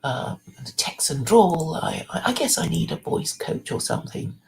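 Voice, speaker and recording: Creaky-voiced woman rambling through a livestream. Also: sits low, animated, moderate pace, a little hiss or hum, rough recording. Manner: rambling, with many restarts and soft, half-whispered asides. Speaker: livestream host. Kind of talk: casual livestream chat.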